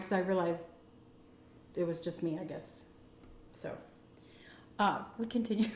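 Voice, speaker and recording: A woman with a Texan accent telling a candid, chatty personal story to her viewers, full of fillers and animated retellings. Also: fairly low pitch, unhurried, pauses often, echoey room. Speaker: food vlogger telling a story. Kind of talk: casual storytime chat.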